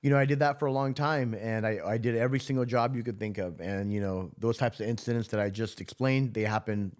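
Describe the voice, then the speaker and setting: A man with a lowish voice, from Southern California, spins a war story from his years as a correctional officer. He talks loosely and swears freely, piling up filler words as he goes, in an easy interview chat. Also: steady tone, fast talker. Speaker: podcast guest, former correctional officer.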